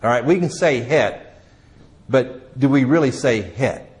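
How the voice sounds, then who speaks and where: A man teaching a class in a conversational way, with frequent restarts, questions to the audience, and a voice that drops quietly at the ends of phrases. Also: mid-range voice, fairly quick. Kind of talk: classroom lecture.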